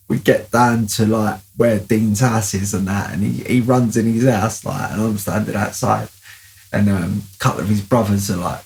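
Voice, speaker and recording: A man's voice: lowish voice, gravelly. A man telling a childhood story casually, rambling with lots of fillers.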